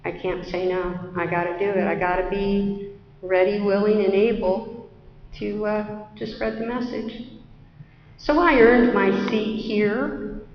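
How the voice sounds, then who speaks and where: A woman's voice: medium pitch, steady tone, unhurried, slight background noise. Middle-aged woman, candid storyteller, echoey hall, muffled sound. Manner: candid, self-deprecating storytelling. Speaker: AA speaker. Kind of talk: recovery talk sharing her story. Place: conference hall. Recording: roomy, dull conference hall recording.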